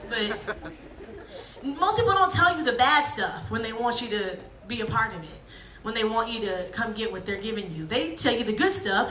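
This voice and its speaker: Lively woman preaching in an echoey hall. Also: medium pitch, far from the mic, slight background noise. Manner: lively, jokey, acts out quotes. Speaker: youth speaker. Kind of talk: youth sermon. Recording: echoey hall, speaker off-mic.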